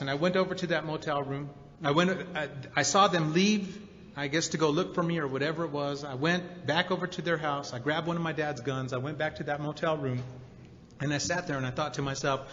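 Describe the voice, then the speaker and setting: A man's voice: on the high side, a bit bright, a little hiss or hum. Man telling his story with emotional emphasis. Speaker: speaker at a recovery convention. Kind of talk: personal testimony talk. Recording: roomy hall reverb, dull sound.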